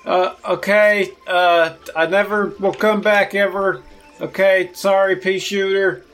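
A man's voice: sits high, level tone, takes it slowly, fairly bright tone, pitched above the performer's own voice. Man playing a cowering adventurer, whimpering, begging not to be hurt. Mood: meek. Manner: whiny, pleading. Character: male adventurer faking cowardice, pleading.

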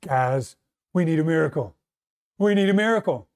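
A man's voice: on the high side, lively intonation, moderate pace. A preacher voicing a devout young man who urgently pleads with his friends for a miracle.

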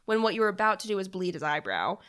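A woman's voice: mid-range voice, very animated, fast talker, a bit bright, clear, resonant tone. Woman, podcast co-host, casual movie chat, frequent laughter, casual swearing.

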